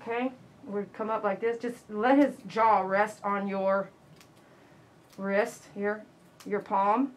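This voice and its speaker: A woman's voice: medium pitch, slow pace, pauses often. A woman, a dog groomer chatting casually to her live-stream viewers while she works in her grooming salon. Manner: chatty and animated, mimics callers loudly.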